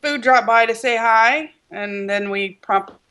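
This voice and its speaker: A woman from the United States co-hosting a gaming podcast, excitable and quick to giggle. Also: on the high side, clean tone. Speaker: podcast co-host. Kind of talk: casual podcast chat.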